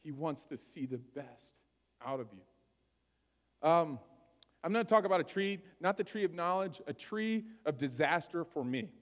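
A man's voice: fairly high pitch, lively intonation, moderate pace, big-room sound. A male pastor telling a personal story during a sermon, conversational and often checking in with his listeners.

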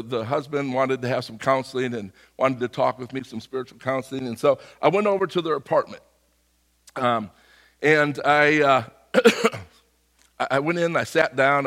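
A middle-aged man preaching a sermon, with a slightly hoarse voice and a conversational, animated way of telling stories. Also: mid-range voice, in a large hall. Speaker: pastor. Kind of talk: sermon with personal story.

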